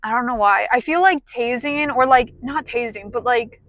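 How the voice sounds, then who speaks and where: A woman's voice: fairly high pitch, moderate pace, dry recording, highs cut off. A young woman vlogging, rambling in a self-deprecating way about her fears and moods, dropping "dude" and "like" all the time. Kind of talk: casual rambling monologue.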